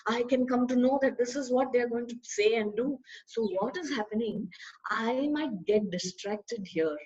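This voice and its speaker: A woman gives a spiritual discourse in a somewhat high voice. She talks in an animated way, firing off rhetorical questions. The recording is dull and lo-fi. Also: moderate pace. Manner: animated, asks rhetorical questions, acts out dialogues. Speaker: spiritual teacher.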